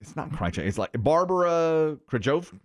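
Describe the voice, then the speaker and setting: A middle-aged man hosting a morning radio show, telling stories in casual banter and acting out the quotes with big jumps in his voice. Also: normal speed. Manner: animated storyteller, acts out quotes with big pitch jumps.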